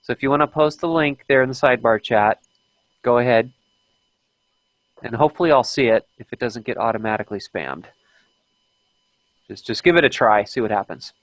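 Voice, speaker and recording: A man's voice: medium pitch, brisk, long pauses, no room sound, low-quality recording. A man hosting an unplanned live stream, chatting casually and often stopping to restart his sentences.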